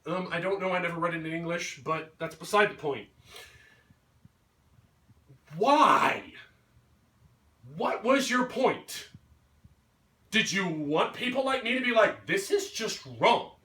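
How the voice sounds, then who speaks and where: A man's voice: high-pitched, slow pace, long pauses, sharp tone. A man giving an angry, swearing rant about a movie, mocking characters in put-on voices. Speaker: vlogger. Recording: roomy echo, mic at a distance.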